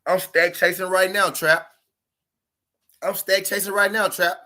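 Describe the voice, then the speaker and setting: Man hosting live sports talk, high-pitched, argues and swears, repeats lines. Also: steady tone, unhurried, bright, forceful tone. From Memphis, Tennessee. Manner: profane, repetitive, argumentative.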